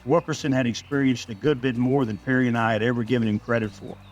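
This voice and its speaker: A man reading a scripted first-person story in a steady, measured way. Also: medium pitch, muffled recording, soft background music.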